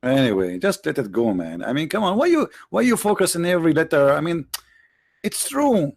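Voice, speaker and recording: A man's voice: fairly high pitch, sing-song, brisk, creaky, no room sound. A man hosting a live religious talk, joking and sarcastic, rambling to his viewers. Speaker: online show host.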